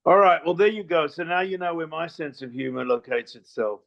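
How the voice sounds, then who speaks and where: A man's voice: fairly high pitch, expressive, a little fast, gravelly, dull audio. An older man from South Africa with a mixed South African accent, a guest on an interview show, telling rambling, bawdy, joking stories over a remote call line. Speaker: guest filmmaker. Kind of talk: casual interview chat.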